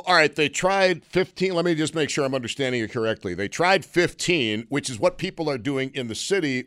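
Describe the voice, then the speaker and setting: A middle-aged man hosts a call-in radio show from the studio mic. He rambles, restarts his sentences and drops sarcastic jokes. His voice sits at a middling pitch. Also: fairly bright tone. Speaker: radio talk show host. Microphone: studio microphone.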